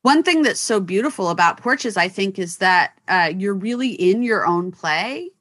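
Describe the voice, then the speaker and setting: A woman's voice: mid-range voice, animated, normal speed, fairly bright tone, dry recording, studio quality. A woman guest in a casual chat about theater, talking in an earnest way and laughing easily.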